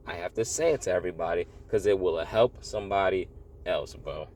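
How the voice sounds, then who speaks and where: A man with a very low, deep voice talks in an earnest, rambling way about faith, circling back on phrases and tossing in "bro" a lot. Faint outdoor sounds and passing vehicles sit behind him. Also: a little fast, a little mellow, slight background noise. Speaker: religious vlogger. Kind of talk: casual spiritual monologue.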